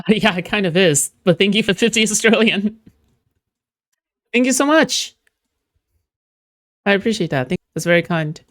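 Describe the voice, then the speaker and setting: A woman's voice: medium pitch, animated, measured pace, pauses often, no echo. Blunt streamer lady reacting live, swears a lot, bouncy voice, dry close mic. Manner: blunt, swears freely, laughs often. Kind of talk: casual reaction commentary.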